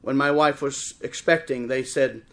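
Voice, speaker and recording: A middle-aged man preaching a sermon in church, impassioned and swelling toward shouts. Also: mid-range voice, steady tone, moderate pace. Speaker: pastor. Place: church service before a congregation.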